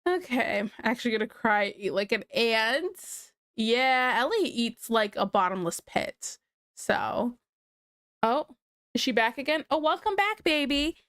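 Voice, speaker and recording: A woman chatting casually to her livestream chat in a relaxed, talkative way while she draws. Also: on the high side, a little slow, dry recording. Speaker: livestreamer drawing on stream.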